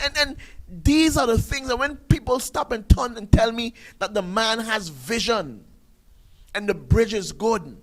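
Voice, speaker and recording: A man's voice: high voice, poor audio. A man, hosting a talk show and ranting through an emphatic commentary full of rhetorical questions. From Sint Maarten.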